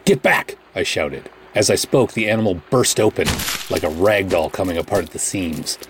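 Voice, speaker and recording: A man reading a first-person pulp adventure audiobook in a measured, matter-of-fact way. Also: sits low, noisy background. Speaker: narrator.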